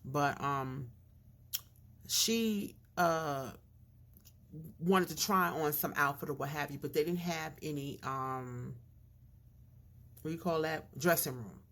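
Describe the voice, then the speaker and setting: A middle-aged woman vlogger telling a casual story, animated and a little slurred in her diction. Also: low voice, slow pace, pauses often. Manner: animated storyteller, acts out quoted voices.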